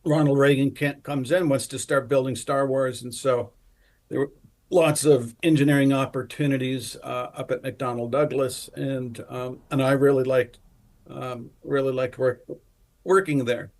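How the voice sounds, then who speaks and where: A man's voice: medium pitch, fairly even intonation, a little mellow. An older man co-hosting a casual talk, recalling his past work at an easy pace with many fillers. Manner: reminiscing, unhurried, with many fillers. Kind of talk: casual chat.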